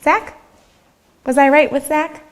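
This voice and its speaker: Woman, children's church teacher, upbeat and encouraging, slightly higher voice, keeps checking in with the kids. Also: fairly even intonation, slow pace. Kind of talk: teaching children, leading sung verses. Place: church classroom.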